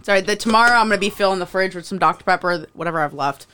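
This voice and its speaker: A woman chatting on a podcast with friends, teasing them in quick, casual remarks. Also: medium pitch, bright, forceful tone, slight background noise. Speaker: podcast co-host. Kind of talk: casual chat.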